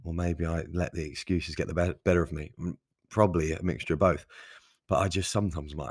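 Male podcast host, deep voice, rambling and self-mocking, dry close-mic sound. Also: fairly even intonation, fast talker, breathy edge, dry recording. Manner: rambling, self-deprecating, sprinkled with mild swearing. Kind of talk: casual solo podcast monologue.

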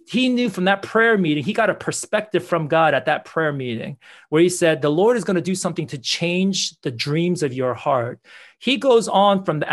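Earnest man telling faith stories. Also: on the high side. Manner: earnest, repeats words, acts out quoted dialogue. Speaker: pastor. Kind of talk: testimony storytelling in conversation.

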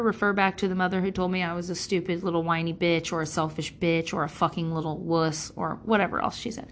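Give me a frank middle-aged woman rambling through a parenting story, profane and candid, with a middle-pitched voice. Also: a little hiss or hum. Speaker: parent sharing advice. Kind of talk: candid casual monologue.

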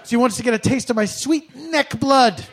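Laughing as he talks, a male comedian delivers a sarcastic, mock-formal comic monologue. His pitch is extremely high and his pace moderate, with a slight hiss or hum present.

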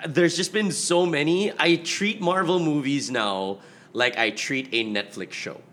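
A man in casual chat about movies, talking in a rambling, self-correcting, animated way. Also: a little high, unhurried.

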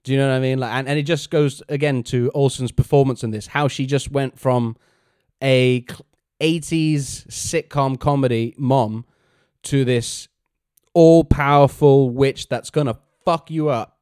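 A man's voice: medium pitch, steady tone, a little slow, darkish tone, clear, resonant tone, no echo, clean studio sound. A man co-hosting a casual podcast, recapping a TV episode and acting out characters' lines with animation. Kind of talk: casual chat.

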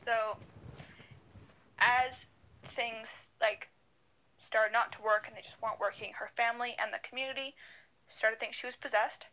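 Young woman podcast co-host, bright and a bit high, chatty and rambling, on a video call. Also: fairly even intonation, moderate pace, long pauses, poor audio. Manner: rambling, many fillers and restarts. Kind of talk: casual storytelling chat.

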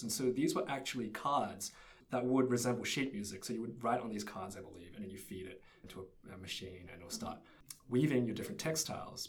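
A young man telling a story in casual chat, easygoing and laughing often. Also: fairly low pitch. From Australia. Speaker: presenter.

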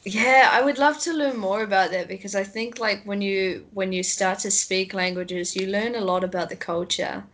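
A woman's voice: mid-range voice, fairly even intonation, moderate pace, hardly any pauses, fairly bright tone, low-quality recording. A woman in casual conversation, talking in a rambling way full of fillers like "you know" and "like". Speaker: conversation partner. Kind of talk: casual chat.

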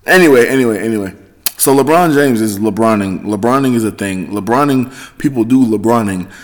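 A man hosting his own podcast, talking in a rambling, profane monologue that swings between loud excitement and low mutters. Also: normal speed. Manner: rambling, heavy swearing, self-correcting. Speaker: podcast host. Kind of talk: casual solo monologue.

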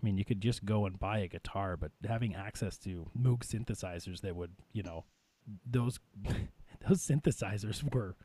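A man's voice: fairly low pitch, moderate pace, dark tone, no echo. A man hosting a casual music podcast, talking in a rambling way with lots of fillers and easy laughter. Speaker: podcast host ranking albums. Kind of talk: casual chat.

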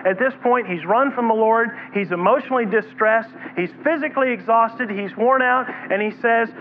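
A man's voice: very high-pitched, moderate pace, few pauses. A man preaching a sermon, retelling a scripture story and voicing its figures. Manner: preaching with acted quotes of God and Jonah. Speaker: pastor. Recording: tinny phone-like broadcast with faint hiss.

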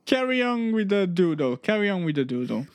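A man co-hosting a podcast in casual banter, playful and excitable, often repeating his words. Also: sits high, a little fast, no room sound. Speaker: podcast co-host.

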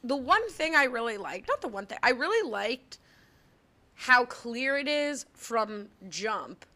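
A woman's voice: fairly high pitch, very animated, pushed and bright. A young woman co-hosting a podcast, chatting casually and laughing often as she recaps a movie. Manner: quick, laughing, jumps in often. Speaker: podcast co-host.

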